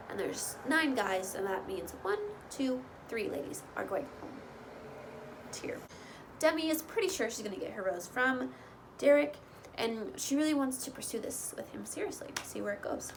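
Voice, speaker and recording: A woman casually recapping a reality show, chatty, with lots of "like" and "you know" and lively quoted bits. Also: on the high side, moderate pace, noisy background. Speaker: recap host.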